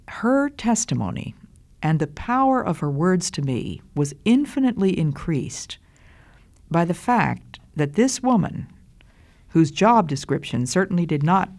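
An older woman giving a Christian devotional talk in a slow, deliberate, earnest way. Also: low voice, a little mellow. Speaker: Christian speaker.

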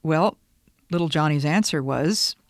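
An older woman and grandmother giving earnest, measured advice on disciplining children. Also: low-pitched, no echo, studio quality. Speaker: parenting advice speaker. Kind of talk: instructive talk.

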